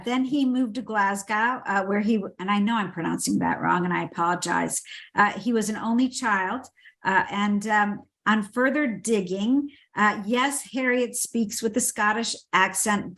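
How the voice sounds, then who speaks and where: A woman's voice: medium pitch, unhurried, fairly bright tone. A woman hosts a book club and walks through a summary in an easygoing, conversational way. She fills her talk with light, playful asides and plenty of fillers. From United States.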